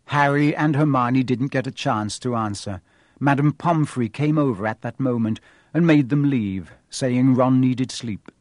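A man narrates a storybook in a measured, expressive way. His pitch sits in the middle range, and the recording is dry and close with no room around it. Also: no echo. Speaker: audiobook narrator.

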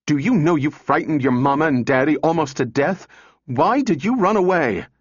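A man's voice: medium pitch, expressive, measured pace, dry recording, natural voice. A man voicing an anxious mother who scolds and sounds weary. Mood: scolding. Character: anxious, sharp-tongued mother. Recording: dull dry recording.

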